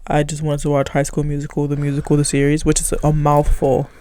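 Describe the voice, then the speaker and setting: A young woman in her twenties co-hosting a podcast in casual chat, soft-spoken and hesitant, with many likes. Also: deep voice, monotone, fast. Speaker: podcast co-host.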